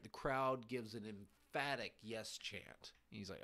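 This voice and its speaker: Man, podcast host, casual show recap, slow unhurried delivery, halting phrasing, mid-range pitch. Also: big pitch swings, pushed and bright. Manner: halting, pausing between short phrases.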